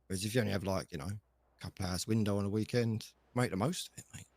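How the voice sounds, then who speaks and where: A man's voice: lowish voice, quick pace, a little mellow, slightly rough, no room sound. A man playing a laid-back shop boss. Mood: easygoing. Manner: rambling, filler-heavy and easygoing. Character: laid-back male shop manager, chatty. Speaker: shop chief operating officer. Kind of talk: casual game role-play.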